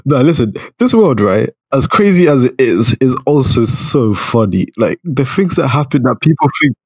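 A man co-hosting a casual podcast chat, animated, laughing often and restarting his sentences. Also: mid-range voice, moderate pace, breathy edge, no echo, clean studio sound. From United Kingdom. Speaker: podcast co-host.

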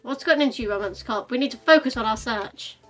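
A woman voicing an eccentric, self-assured female detective who speaks with deadpan certainty. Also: a little high, fast talker, soft background music, close to an everyday voice.

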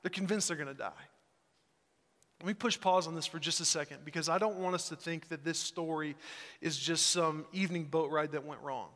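Pastor, male, bright and high-voiced, casual animated sermon delivery, recorded in a reverberant sanctuary. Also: brisk. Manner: conversational and animated, acts out voices in quotes. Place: church sanctuary. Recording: church sanctuary with long reverb.

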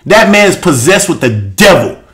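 A high-pitched man preaching on a live show, his voice leaping up and down in wide swings. He reads scripture and comments with fervent intensity, often rising to a shout. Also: very animated, moderate pace. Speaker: host and preacher. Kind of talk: impassioned live-show preaching and Bible reading.

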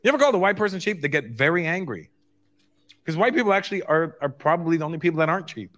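A man performing a stand-up comedy routine, telling animated stories and slipping into acted voices. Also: fairly high pitch, racing.

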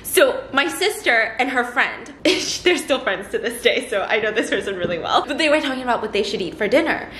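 Bright, lively young woman telling stories. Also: fairly high pitch, fairly quick, few pauses, a little hiss or hum. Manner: animated, laughing storyteller. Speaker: host. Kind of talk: casual storytelling chat. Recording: echoey room.

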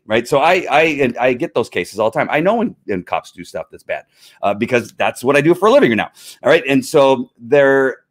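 A middle-aged man, a former police officer, telling stories in a casual monologue, rambling with many fillers and frequent chuckles. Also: mid-range voice.

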